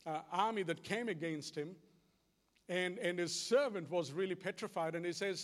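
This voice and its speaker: A man's voice: sits high, normal speed. A man preaching a sermon, telling stories with animation and acting out dialogue. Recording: long hall reverb.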